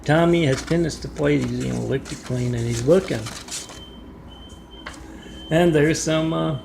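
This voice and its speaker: Male vlogger, raspy-edged voice, meandering casual storytelling into a phone, roomy and noisy recording. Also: fairly high pitch, unhurried. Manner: meandering, wry asides, frequent fillers. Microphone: phone front camera. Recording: echoey room with background noise.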